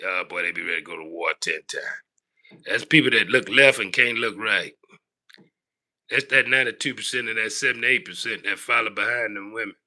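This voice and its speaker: A man ranting on his live stream in a very bright, sharp-edged voice. He preaches and scolds, dropping from low grumbles to raised calls. He keeps tacking "boy" onto his lines. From Southern United States. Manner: big swings between low grumbling and raised shouting. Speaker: livestream host.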